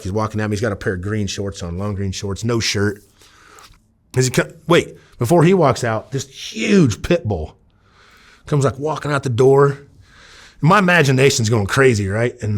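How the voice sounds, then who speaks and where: A middle-aged man from Iowa, a former undercover officer, telling a story in an interview and acting out the voices of the people in it. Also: medium pitch. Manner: animated, acts out quoted voices.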